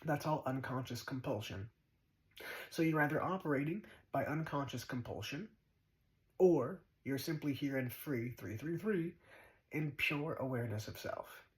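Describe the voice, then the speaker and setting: A man's voice: mid-range voice, moderate pace, low-quality recording. A man giving a spiritual monologue as a teacher, blunt and profane, mocking his listeners and repeating short commands.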